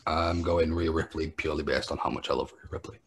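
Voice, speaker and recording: A man co-hosting a wrestling podcast, making blunt, sweary, deadpan predictions in casual chat. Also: extremely low pitch, quick pace, slight background noise. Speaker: podcast co-host.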